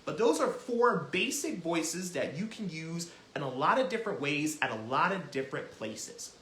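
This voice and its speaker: A man hosting a children's music lesson, talking in an animated, encouraging way and demonstrating as he goes. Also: a little high, normal speed, roomy sound, slight background noise. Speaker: children's music teacher and host.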